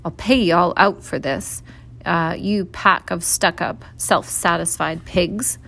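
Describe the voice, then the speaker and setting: A woman's voice: fairly high pitch, very animated, a little slow, gravelly, a bit bright, full character voice. Woman narrator doing a spiteful younger boy in a storybook, sulky and sullen.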